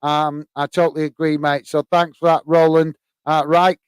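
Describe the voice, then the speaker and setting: A man's voice: fairly high pitch, flat delivery, moderate pace, clear, resonant tone, no echo. An English man hosting a live football stream, reading fan comments aloud with lots of fillers and friendly "mate" replies. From England. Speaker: host reading live chat.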